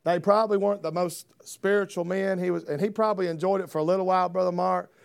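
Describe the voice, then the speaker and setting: Pastor, high voice, homespun preaching that swells to fervor. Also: male voice, steady tone, fast, creaky, clear, resonant tone. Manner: folksy, rising to fervent preaching. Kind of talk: sermon.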